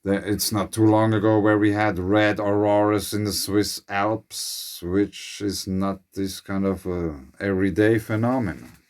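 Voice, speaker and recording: A man with a Finnish accent, speculating in a slow, musing monologue as host of his channel, his English phrasing a little uneven. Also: on the low side, steady tone, darkish tone.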